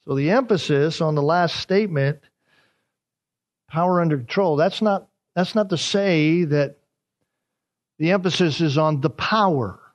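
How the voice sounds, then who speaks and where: A man's voice: on the high side, unhurried, long pauses. A man preaching an expository sermon as pastor, repeating key words for emphasis. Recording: dull lo-fi sermon recording.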